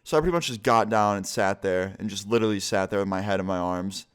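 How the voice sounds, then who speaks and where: A man's voice: lowish voice, fast talker, smooth. A young man telling a casual, profane storytime to his viewers and acting out the quotes. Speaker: vlogger.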